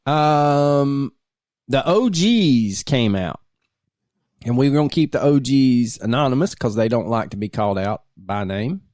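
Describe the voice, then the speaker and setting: A man's voice: mid-range voice, animated, unhurried, a little mellow, no echo, clean studio sound. A man co-hosting a casual podcast, rambling loosely and laughing mid-sentence as he reads out listener comments. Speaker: podcast co-host.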